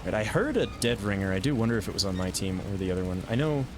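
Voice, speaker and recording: A man streaming a video game, chatting casually about his plays with self-amused asides and quick reactions. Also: lowish voice, expressive, noisy background. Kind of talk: casual gameplay commentary.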